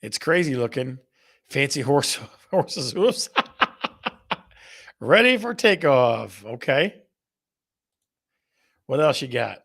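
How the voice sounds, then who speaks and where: A man's voice: mid-range voice, lively intonation, very slow, gravelly, long pauses. A man hosting a live real estate stream, playfully putting questions to viewers and reading out their answers. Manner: playful, repeats questions to the audience. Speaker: real estate show host.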